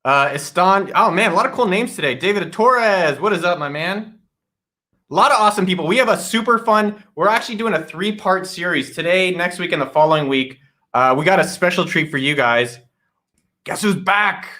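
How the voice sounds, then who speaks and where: A man's voice: high-pitched, a little fast, sharp tone. A man hosting a casual live office-hours stream, energetically greeting viewers by name and joking around. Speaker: livestream host. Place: home studio in a guest room.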